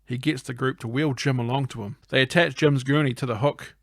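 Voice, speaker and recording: A man's voice: mid-range voice, fairly even intonation, fairly quick, vocal fry, a bit bright, dry recording, studio quality. A man co-hosting a casual film review podcast, recapping the plot scene by scene with wry asides.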